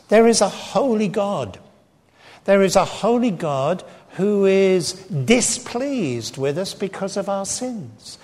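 A man's voice: high voice, darkish tone. An English man preaching a sermon, emphatic and sometimes speaking directly to children. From England. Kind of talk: sermon with slides. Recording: long hall reverb.

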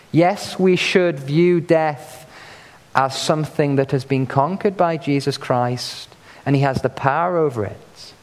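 Earnest preacher in echoing hall. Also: male voice, medium pitch, a little mellow. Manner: earnest, emphatic, building to stressed peaks. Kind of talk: sermon. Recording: long hall reverb.

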